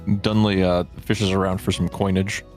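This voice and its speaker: A man's voice: low-pitched, little pitch movement, normal speed, a little mellow, faint music behind. A man playing a tabletop game, hesitant and full of fillers. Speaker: player.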